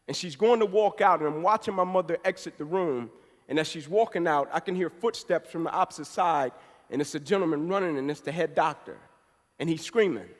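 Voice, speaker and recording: A man in his thirties giving a passionate motivational speech, telling his story and building to forceful, emphatic peaks. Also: a little high, fairly quick. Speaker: motivational speaker. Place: event hall. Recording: speech in a reverberant hall.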